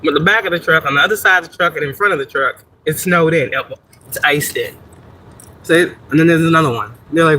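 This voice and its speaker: A woman's voice: low voice, brisk, bright, forceful tone, a little hiss or hum, poor audio. A woman hosting a casual livestream from her parked car, chatting, swearing and laughing as she tells a story. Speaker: spiritual reader and livestream host.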